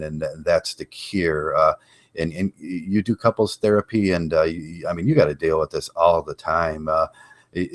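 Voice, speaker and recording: A male podcast host with a deep, low-pitched voice, talking in a loose, halting way and stumbling over repeated words. The sound is dry, with no room echo. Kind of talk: casual interview chat.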